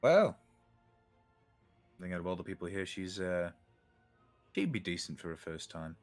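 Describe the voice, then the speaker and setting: A man puts on a cocky male regular in a tabletop game, deep-voiced and teasing. He turns flustered and defensive when accused. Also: level tone, a little fast, faint music behind, natural voice. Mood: amused.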